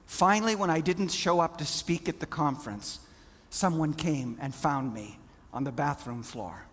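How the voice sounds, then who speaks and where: A middle-aged man giving a motivational keynote, telling a story with dramatic pauses. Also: on the high side, fairly bright tone, slightly rough. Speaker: keynote speaker.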